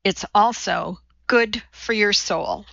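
A woman's voice: mid-range voice, slow pace, gravelly, fairly bright tone, no room sound, lo-fi sound. A woman reading the part of a blunt, precise female scientist lecturing a TV audience.

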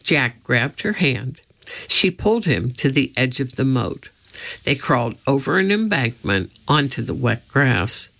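A man reads a children's storybook aloud, slow and measured, building suspense. His voice is bright with a gravelly grain, and the recording sounds dull and lo-fi. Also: medium pitch, sing-song. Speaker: audiobook narrator. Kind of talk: storybook narration.

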